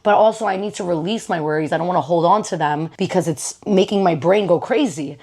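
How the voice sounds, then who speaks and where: Animated young woman giving blunt life advice. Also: lowish voice, a little fast, husky. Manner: animated, blunt, slangy, laughs at herself. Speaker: vlogger giving self-help advice. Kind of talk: casual motivational talk to camera.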